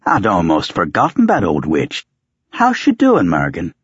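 A man's voice: low voice, huge pitch swings, a little slow, breathy edge, no echo, lo-fi sound, exaggerated voice. A man voicing a cranky, sardonic ancient male wizard who grumbles in a coarse, raised voice. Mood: grumbling.

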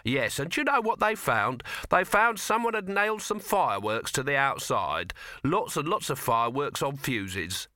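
A man's voice: medium pitch, big pitch swings, moderate pace, pushed and bright, no room sound, studio quality, pitched above the performer's own voice. A man voicing a shrewd young man who needles with pointed understatement, in an audiobook reading. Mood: needling.

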